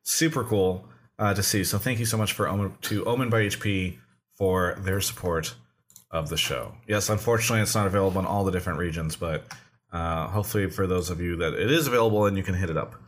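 A man hosting a relaxed livestream podcast. His voice sits a little low, and he talks in a loose, rambling way, restarting sentences and filling pauses as he goes. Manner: rambling, restarts often, many fillers. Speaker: podcast host. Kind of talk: casual livestream talk show.

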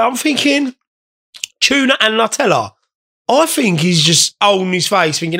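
A man's voice: high voice, animated, moderate pace, pushed and bright. A young man hosting a casual podcast, rambling, swearing and joking while stoned. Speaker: podcast host.

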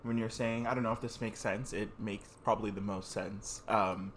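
A man's voice: fairly low pitch, fairly even intonation, moderate pace, slight background noise. A man hosting a reflective conversation, thoughtfully summing up and rephrasing what his guest says. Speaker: host.

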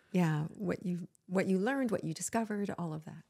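Gravelly, emphatic woman host. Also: medium pitch, expressive, normal speed, few pauses, dark tone. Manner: emphatic, encouraging. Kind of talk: warm interview chat.

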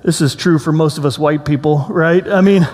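A pastor delivers his sermon with a slightly high-pitched voice that carries a long reverberant tail through a church sanctuary. He tells stories animatedly, jumping into raised voices for the people he quotes. Between stories he settles into slow, reflective reading. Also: a little mellow.

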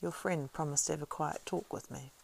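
A woman reading the part of a weathered male ranger, measured, wry and grave. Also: low-pitched, steady tone, gravelly, breathy edge, heavily acted.

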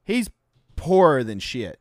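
A man co-hosting a podcast, chatting casually and telling stories in an animated, exaggerated way. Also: a little high, slow, no echo, clean studio sound. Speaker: podcast co-host. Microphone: podcast mic.

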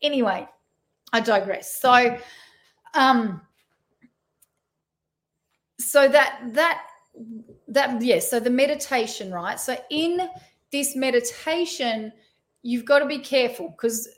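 A woman's voice: on the high side, unhurried. A woman coach talking casually on a live stream, loose and conversational, often checking in with "right?" and restarting her sentences. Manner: conversational, loose, frequent tag questions and restarts. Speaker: addiction and trauma recovery coach.

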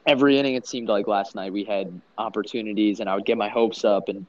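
A young man in a casual podcast chat who talks in an earnest, measured way. His voice is on the low side and comes through dull and muffled. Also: steady tone. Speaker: podcast co-host.

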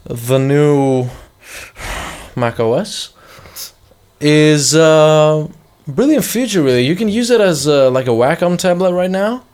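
A man's voice: a little high, animated, slow, pauses often, darkish tone, clear, resonant tone. A man co-hosting a casual tech podcast, rambling and joking, often trailing off mid-sentence. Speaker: podcast co-host. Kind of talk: casual chat.

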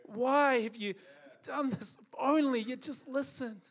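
A heartbroken, pleading God calling out to a lost man, voiced by a preacher in a raised, higher register. The voice climbs and carries with anguished urgency. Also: a little slow, full character voice. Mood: grieving.

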